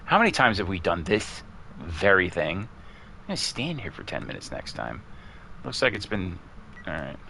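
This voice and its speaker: Man, deep voice, gravelly fry, casual gameplay commentary, chatty, talks to the ghost. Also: very animated, normal speed, bright, forceful tone, slight background noise. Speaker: gamer streaming his play. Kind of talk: casual commentary while playing.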